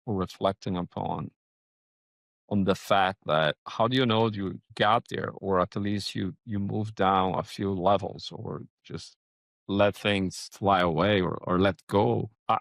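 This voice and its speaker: A man hosting a podcast interview, musing out loud with halting restarts and searching questions. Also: fairly low pitch, gravelly, no echo. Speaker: podcast host. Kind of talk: casual interview conversation.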